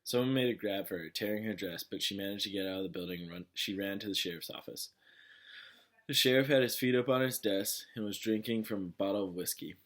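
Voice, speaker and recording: A man with a low voice reads a novel aloud in a casual way. He stumbles now and then and goes back over his words. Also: quick pace, fairly bright tone. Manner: plain, with slips and restarts. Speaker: reader of a novel.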